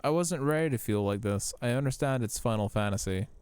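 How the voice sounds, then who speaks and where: A man's voice: medium pitch, lively intonation, fairly quick, darkish tone, smooth, no room sound. A young man commentating his live game playthrough, blunt and profane, talking straight to his chat. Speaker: streamer.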